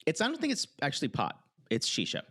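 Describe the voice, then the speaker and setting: A man's voice: a little high, fast talker, slightly rough, no echo, clean studio sound. A man co-hosting a podcast, recapping a reality show in casual chat and acting out what people said. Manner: animated, acts out quotes in voices. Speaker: podcast co-host.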